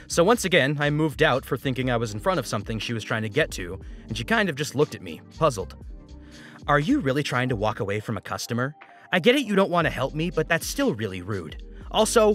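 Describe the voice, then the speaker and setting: A man narrating online stories in an expressive, wry manner. His mid-pitched voice moves in a lively way, with faint music under it. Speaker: story narrator. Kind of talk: reading online stories aloud.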